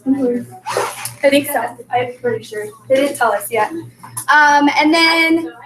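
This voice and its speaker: A woman's voice: high voice, lively intonation, takes it slowly, noisy background. A woman leading a sales team meeting, chatty and bubbly, full of "like" and "um". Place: meeting room, indoors. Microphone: recorded from across the room. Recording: echoey room from far off.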